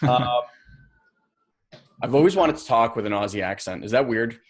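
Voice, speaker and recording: A man's voice: medium pitch, lively intonation, moderate pace, no room sound. Upbeat man hosting a podcast. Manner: upbeat, laughs often, chatty. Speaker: podcast host. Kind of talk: casual interview chat.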